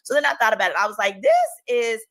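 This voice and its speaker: A woman telling a story in an animated, joking way. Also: medium pitch, very fast. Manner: animated, joking, acts out quotes. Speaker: reality show guest. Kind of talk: storytelling chat.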